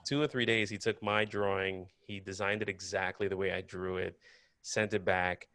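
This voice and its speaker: A man being interviewed about his acting and animation work, a lively storyteller who laughs often and quotes himself. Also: low-pitched, moderate pace, no echo. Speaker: guest, actor and animator. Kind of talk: casual interview chat.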